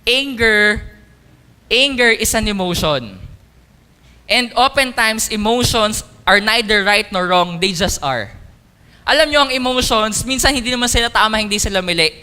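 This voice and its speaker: A man with a Filipino accent preaching a sermon, mixing Tagalog and English with emphatic, animated delivery. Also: high voice, normal speed, clear, resonant tone. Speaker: pastor. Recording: long hall reverb.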